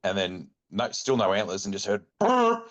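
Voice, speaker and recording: A middle-aged Australian man telling a long hunting story in a rambling, animated way, full of fillers. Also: low-pitched, a little fast. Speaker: guest, bowhunting club chairman. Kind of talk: casual storytelling chat.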